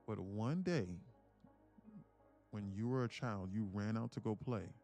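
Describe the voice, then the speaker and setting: A man with a fairly low voice hosts a casual live stream, chatting straight to his viewers. He talks in a reflective, personal way. Soft music plays quietly behind him. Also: measured pace. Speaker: live-streaming day trader host.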